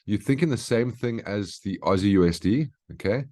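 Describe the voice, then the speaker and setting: A man's voice: fairly low pitch, expressive, normal speed, darkish tone. A man hosting a daily market brief, walking through price charts in a casual, instructive way and often checking in with "okay?". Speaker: market analyst host. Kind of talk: live trading chart walkthrough.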